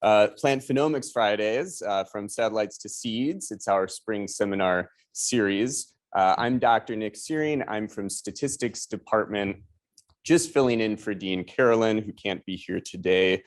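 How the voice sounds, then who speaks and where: A man with a Chicago accent hosting an academic seminar, introducing the speakers in a relaxed, hesitant way with frequent fillers. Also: on the low side, a little slow. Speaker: seminar host.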